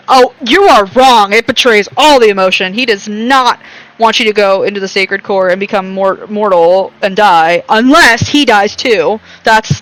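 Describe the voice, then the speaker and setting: A woman's voice: mid-range voice, a bit bright, poor audio. Gushing young woman reading a game aloud. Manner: chatty, rambling, laughs often, gushing. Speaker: game streamer. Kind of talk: reading game text aloud with casual commentary.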